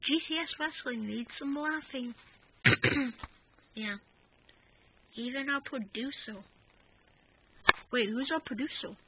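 Woman, high pitch, unhurried delivery; goofy action figure wrestling banter; tinny phone-quality audio. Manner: goofy, rambling, bantering back and forth with itself. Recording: tinny phone-like recording with faint noise.

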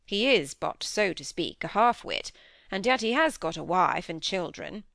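A woman's voice: mid-range voice, animated, measured pace, vocal fry, fairly bright tone, no echo, clean studio sound. A woman voicing a grave, pious middle-aged male minister and farmer who speaks in an earnest, solemn, preaching cadence.

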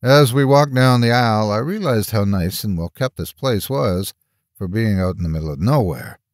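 A man narrating a first-person horror story in a measured storytelling voice. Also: fairly low pitch, dry recording, studio quality.

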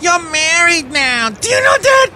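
A man voicing an impulsive, shouty woman who marries a stranger, then divorces him at once. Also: very high voice, fairly even intonation, a little slow, a little hiss or hum, voice pushed up, exaggerated voice. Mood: excited. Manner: shouty, blunt, fickle. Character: shrill impulsive woman, bride of the ice cream maker.

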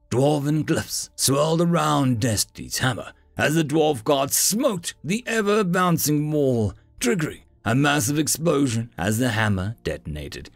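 A man narrating a fantasy story in an expressive, dramatic manner. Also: a little high, measured pace, creaky, few pauses, dry recording, faint music behind.

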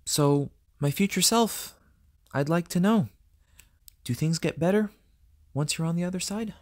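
A woman in her twenties with a lower voice recording a personal, halting message to her future self, full of repeats and restarts, with sarcastic asides, from a dark closed-off room. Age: 20s. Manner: halting, self-interrupting, thoughtful. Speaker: vlogger.

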